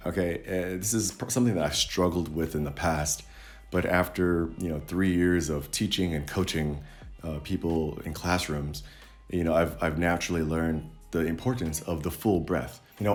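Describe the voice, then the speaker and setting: Man, very low voice, easygoing coach tone, faint music underneath. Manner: relaxed, coaching, demonstrates sounds. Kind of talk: casual video lesson.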